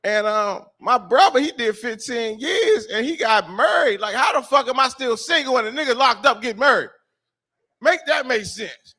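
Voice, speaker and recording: A man doing a stand-up comedy set, telling a loose rambling story with lots of filler and swearing, breaking into shouted quoted voices. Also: very high-pitched, expressive, normal speed. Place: live comedy show venue.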